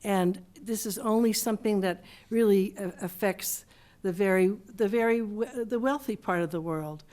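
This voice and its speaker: A woman speaks at a city council meeting. She talks in halting bursts with frequent restarts and slows down when reading from a text. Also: medium pitch, warm tone. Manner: halting, many restarts, reads slowly from a text. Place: council chamber.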